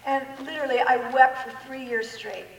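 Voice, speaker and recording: A woman giving an animated personal testimony in a church hall, full of self-mocking humor and acted-out quotes. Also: high-pitched, fairly quick, vocal fry, distant mic, background noise. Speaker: guest speaker. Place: large church hall with an audience. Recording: echoey hall recorded from afar.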